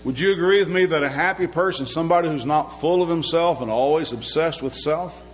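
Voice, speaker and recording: A male preacher delivers a sermon in a loose, conversational way, asking questions of the room and joking along the way. His voice sits a little on the high side. A faint hum runs under the recording. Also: a little fast, rough recording. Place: church sanctuary.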